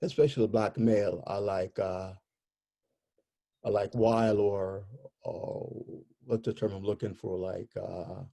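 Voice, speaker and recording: Interview guest, male, mellow tone, halting and searching for words as he tells his story. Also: lowish voice, fairly even intonation, vocal fry.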